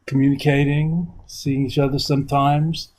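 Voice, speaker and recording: An older man from New York speaks as a guest teacher, wandering through his thoughts in a loose, reflective ramble. His voice sits at an ordinary middle pitch. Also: level tone, normal speed, darkish tone, poor audio. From New York, USA. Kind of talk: reflective conversation. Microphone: video call.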